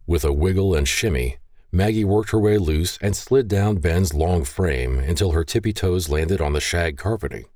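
Deep expressive male audiobook narrator. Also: normal speed, no echo, studio quality. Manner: expressive, storytelling. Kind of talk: scripted narration.

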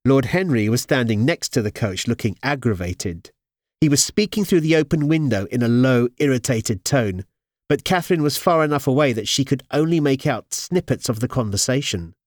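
An audiobook is narrated by a man who brings expression to the story, speaking at a normal rate in a mid-range voice. It's a dry, clean studio recording.

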